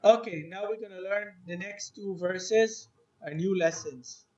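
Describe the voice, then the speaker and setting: A man teaching an Arabic lesson to a class, slowly spelling words out letter by letter and repeating them. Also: high-pitched, darkish tone, highs cut off.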